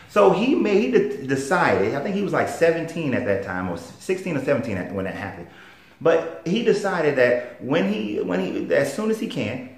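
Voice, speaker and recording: A man with a Southern US accent, a life coach telling stories in a plain-spoken, emphatic motivational monologue. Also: mid-range voice. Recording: roomy echo.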